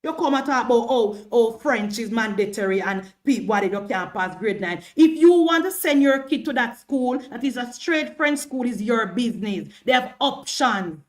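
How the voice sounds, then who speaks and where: Jamaican woman, livestream politics host, high voice, argumentative and repetitive, stumbles over words when heated. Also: animated, moderate pace, few pauses. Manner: argumentative, repeats herself, stammers when worked up.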